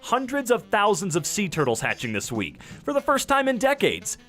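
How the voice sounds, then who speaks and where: A man's voice: high voice, huge pitch swings, moderate pace, a bit bright, soft background music. A young man reads posts aloud and reacts with playful, wisecracking asides. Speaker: YouTuber reading Reddit posts.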